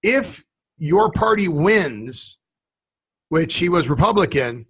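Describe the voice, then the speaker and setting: A man co-hosting a casual talk show, telling stories in a rambling, animated way. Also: fairly high pitch, slow pace, slightly rough. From western United States. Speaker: podcast co-host. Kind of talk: casual chat.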